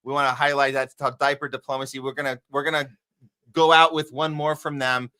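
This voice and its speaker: A man's voice: mid-range voice, level tone, fast talker, bright, forceful tone, clean tone. A man hosting a live news podcast from a home studio, talking casually and upbeat, often restarting his sentences. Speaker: podcast host. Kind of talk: casual live show chat.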